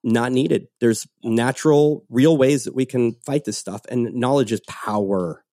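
Animated man hosting a casual podcast. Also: medium pitch, measured pace, no room sound, clean studio sound. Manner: animated storytelling, acts out quotes. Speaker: podcast host.

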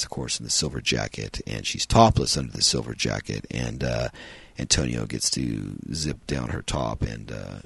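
A man's voice: very deep voice, gravelly, fairly bright tone, husky, no room sound. A man hosting a podcast, reviewing a film in a rambling, casual way with frequent ums and uhs.

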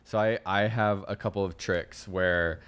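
Deep-voiced man explaining casually. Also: steady tone, unhurried, a bit bright, clear, resonant tone. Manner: explains step by step, sarcastic asides. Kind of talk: casual chat.

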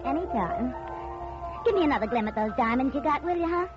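A flirty gangster's moll. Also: female voice, sits high, animated, a little fast. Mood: wheedling. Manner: coaxing, breathy-sweet, slangy. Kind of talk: 1940s radio acting. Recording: muffled old radio broadcast. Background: phonograph music.

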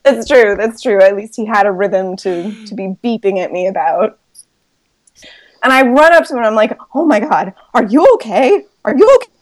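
A woman telling a story on a podcast, animated and laughing often as she goes. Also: medium pitch, normal speed. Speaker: guest storyteller. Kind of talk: casual podcast chat.

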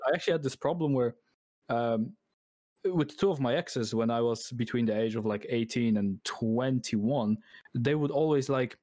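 A man's voice: medium pitch, moderate pace, mellow, no room sound. A man in his twenties with a mixed Irish accent, chatting casually and laughing often on a video call. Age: 20s. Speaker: podcast guest. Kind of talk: casual chat.

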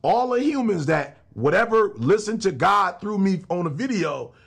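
A man's voice: high voice, lively intonation, moderate pace, gravelly, a bit bright, breathy edge. A middle-aged man, a motivational speaker and pastor, talking as a guest in an emphatic, slangy, preacher-like way. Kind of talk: casual interview talk.

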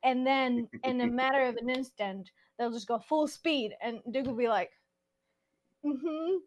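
A high-voiced woman from Mexico, speaking with a Mexican accent, Spanish her first language. She tells stories animatedly in a relaxed conversation, peppered with "like.". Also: moderate pace. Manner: animated storytelling, many "like"s. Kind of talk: casual chat.

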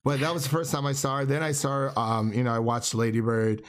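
An American man hosting a casual movie review podcast, chatty and quick to laugh, often stopping mid-sentence to restart. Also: medium pitch, level tone. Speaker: podcast host.

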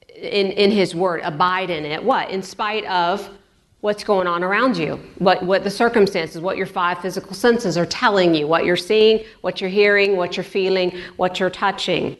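A woman with a somewhat low voice delivers a sermon in church. She talks in a relaxed, chatty way and repeats key words to stress them. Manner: conversational, repeats words for emphasis. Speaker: pastor.

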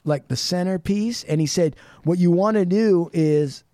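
A man's voice: sits high, unhurried, mellow, dry recording, clean studio sound. A man from the Pacific Northwest US, a podcast guest rambling in casual chat with lots of "like" and swearing. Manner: rambling, profane, full of "like".

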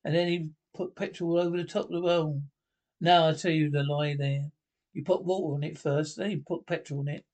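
A man's voice: fairly high pitch, fairly even intonation, brisk, a little mellow, lightly acted. A man doing a rambling pub storyteller. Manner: rambling, casual, self-correcting storytelling. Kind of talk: sketch comedy monologue.

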